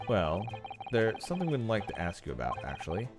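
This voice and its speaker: A man's voice: lowish voice, huge pitch swings, brisk, music in the background. A man voicing an earnest young male lawyer in a game, polite and inquisitive.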